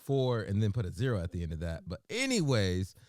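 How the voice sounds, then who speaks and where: Low-voiced joking radio co-host. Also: male voice, no room sound, clean studio sound. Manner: joking, animated, drawn-out emphasis. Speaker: morning show co-host. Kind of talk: casual radio banter. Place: radio studio.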